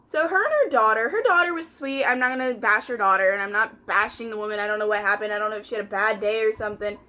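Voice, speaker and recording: Bright-voiced young woman chatting over makeup. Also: fairly high pitch, fast talker. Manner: chatty storytelling, quoting customers and coworkers. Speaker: vlogger. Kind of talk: casual chat while doing makeup.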